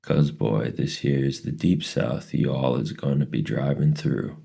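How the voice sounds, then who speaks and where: A man reading aloud voices a father putting on a teasing Southern hillbilly accent, in a very low, gravelly voice. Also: measured pace, dark tone, exaggerated voice. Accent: put-on American Southern. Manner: teasing, mocking drawl. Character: Southern hillbilly put on by a joking dad.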